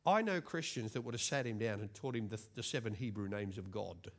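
A man's voice: fairly low pitch, a little fast. A man in his forties, preaching a sermon in a chatty, self-mocking storytelling way.

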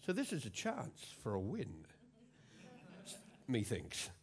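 A man's voice: mid-range voice, huge pitch swings, slow pace, a little mellow, husky. A man in his forties, preaching a sermon in a chatty, self-mocking storytelling way.

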